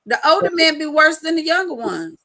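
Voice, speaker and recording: A woman hosting a casual live chat, telling animated stories in a loose colloquial way and laughing often. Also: sits high, brisk, rough recording. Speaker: host.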